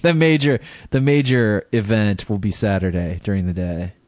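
Laid-back low-voiced podcast co-host. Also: male voice, moderate pace, a little mellow, no room sound. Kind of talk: casual chat.

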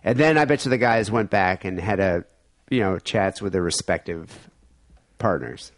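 A man co-hosting a podcast, telling stories in loose, rambling casual banter. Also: moderate pace. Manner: rambling, animated storytelling with sudden jumps in pitch. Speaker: podcast co-host.

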